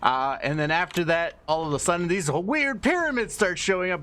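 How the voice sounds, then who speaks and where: A man's voice: fairly high pitch, expressive, fairly quick, a bit bright, a little hiss or hum. A young man explaining a story in a loose, irreverent, casual way, swearing freely and filling gaps with fillers. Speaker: video host.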